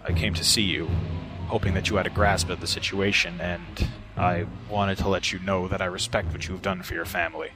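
An earnest, measured starship officer, as a narrator puts him on in a fairly low voice. He speaks calmly and steadily. Music sits clearly behind the voice. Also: lightly acted. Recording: voice over background music.

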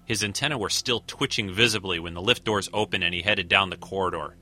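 Male story reader, very low voice with a sharp bright edge, steady. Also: brisk, faint music behind. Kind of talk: fan audio story reading.

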